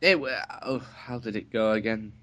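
A man's voice: on the low side, normal speed, fairly bright tone, no echo. A man co-hosting a casual podcast, teasing the others and taking the contrary side. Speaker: podcast co-host. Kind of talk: casual chat.

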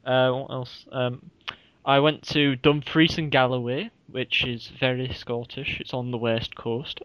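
A man's voice: mid-range voice, little pitch movement, unhurried, fairly bright tone, clear, resonant tone, dry recording. A man co-hosting a casual podcast chat, telling rambling stories and laughing often. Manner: rambling, giggly storyteller. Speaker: podcast co-host. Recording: dull, dry lo-fi recording.

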